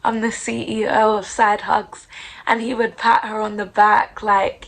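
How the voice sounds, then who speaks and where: A woman's voice: medium pitch, little pitch movement, unhurried, gravelly, poor audio. A woman hosting a podcast, giving an earnest, heartfelt devotional reflection. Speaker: podcast host.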